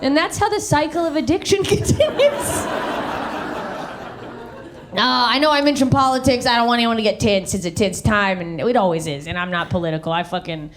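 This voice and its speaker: A woman's voice: fairly high pitch, brisk, a little hiss or hum. A woman from the American South doing a brash, profane stand-up set into a handheld mic on stage. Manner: brash, profane, animated storytelling. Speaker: stand-up comedian. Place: theater stage.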